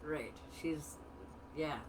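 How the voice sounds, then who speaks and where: A woman's voice: low voice, drawn-out words, recorded from a distance, background noise. A middle-aged woman hosting a casual chat. She talks bluntly, jokes about herself and swears freely. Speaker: host, life coach.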